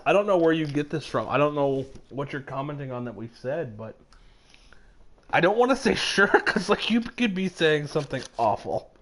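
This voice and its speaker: Streamer guy, kinda high voice, teasing his buddy nonstop. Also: lively intonation, normal speed, fairly bright tone. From Canada. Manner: playful teasing banter. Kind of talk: casual live-stream chat.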